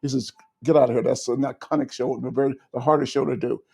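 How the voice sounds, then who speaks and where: A man's voice: medium pitch, fairly even intonation, quick pace, creaky, dark tone, breathy edge. An older man from Georgia, a comedian guest, chatting casually and joking playfully. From Georgia, USA. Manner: playful, jokey. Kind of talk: casual chat.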